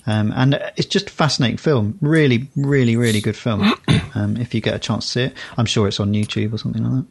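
A man's voice: mid-range voice, fairly even intonation, fast talker, vocal fry, breathy edge. A man co-hosting a podcast, chatting casually and rambling, often breaking off to correct himself. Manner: rambling, self-correcting storyteller. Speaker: podcast co-host. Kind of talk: casual chat.

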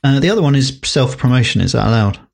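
A man's voice: medium pitch, animated, fast talker, vocal fry, darkish tone. A man co-hosting a podcast, chatting casually and rambling with many fillers and restarts. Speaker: podcast co-host. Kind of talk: casual chat.

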